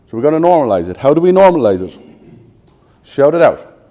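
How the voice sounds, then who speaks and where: A man's voice: fairly high pitch, very animated, dark tone, lo-fi sound. An Irish man in his thirties leading a live sales training, firing questions at the room and answering bluntly, with some swearing. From Ireland. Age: 30s. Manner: quizzes the audience with rapid questions, blunt and profane.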